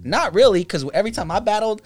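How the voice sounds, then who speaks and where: A man's voice: high-pitched, expressive, fast talker. A man in a casual chat, a breakdancer telling stories in a laid-back way, laughing often and imitating his friends.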